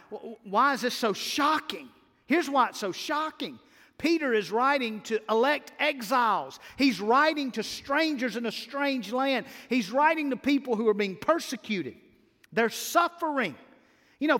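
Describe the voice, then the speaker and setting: A man pastor delivers a fervent Easter sermon in a high, bright-pitched voice. He keeps hammering his points home with emphatic repetition and stammered restarts. His voice carries a long reverb through the church sanctuary.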